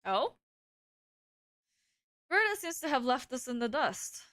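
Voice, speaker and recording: Woman doing a flamboyant pigeon gentleman. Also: sits high, very animated, dry recording, full character voice. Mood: playful. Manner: theatrical, drawn-out, flowery speech. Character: flamboyant charming male pigeon schoolboy, unbothered.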